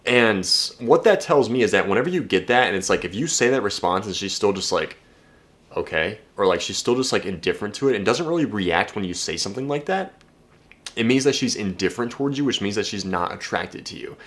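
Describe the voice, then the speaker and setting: Low-voiced, blunt young dating coach. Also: male voice, fast talker. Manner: energetic, blunt, swears freely, frequent restarts. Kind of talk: casual direct-to-camera talk.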